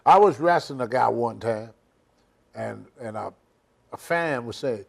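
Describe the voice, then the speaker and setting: A man's voice: mid-range voice, animated, a little slow, gravelly, long pauses. An older man, a senior citizen, telling emphatic, rambling stories with loose grammar as an interview guest. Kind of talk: shoot interview storytelling.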